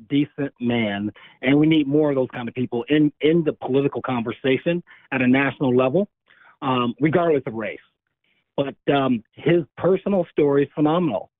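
A hoarse man speaking as a guest in a phone interview, in a measured, earnest way. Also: a little high, no room sound. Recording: tinny phone line, dry.

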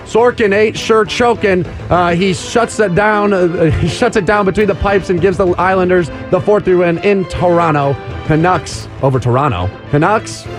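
A man's voice: high-pitched, music in the background. Punning sports radio host, man. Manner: punny rapid-fire score rundown with laughs. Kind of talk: hyped sports radio banter.

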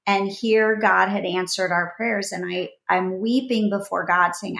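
A woman's voice: mid-range voice, steady tone, unhurried, creaky, few pauses, a bit bright. A middle-aged woman, a guest author, telling a heartfelt story in an earnest, faith-based podcast conversation. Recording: roomy echo.

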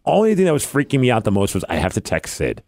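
A man, a podcast host telling a story in a casual chat, animated and acting out quotes. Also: medium pitch, fast, no echo, clean studio sound. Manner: animated, acts out quotes in funny voices. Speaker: podcast host, part-time wrestler.

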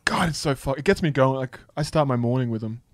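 A man's voice: mid-range voice, animated, fast, no room sound, clean studio sound. A young Australian man on a podcast, throwing in crude jokes and laughing. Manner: joking interjections, giggly. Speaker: podcast co-host. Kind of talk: crude casual banter.

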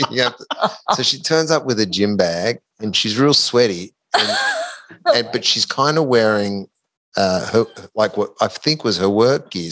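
A man, a podcast guest telling a story in a casual, animated way and laughing as he goes. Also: on the low side. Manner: animated, laughs through his own story.

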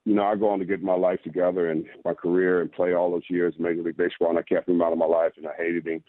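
A man with a very deep voice tells his personal testimony as a radio guest, earnest and repeating words as he goes. He is heard over a narrow phone line with no room sound. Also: no room sound. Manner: earnest, repeats words while telling a story. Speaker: guest author.

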